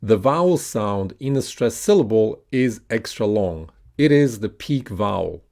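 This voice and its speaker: Slow, gravelly male pronunciation teacher. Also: lowish voice, lively intonation, darkish tone. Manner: patient, deliberate, stretches words out to model stress. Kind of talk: slow instructional lesson with repeat-after-me drills.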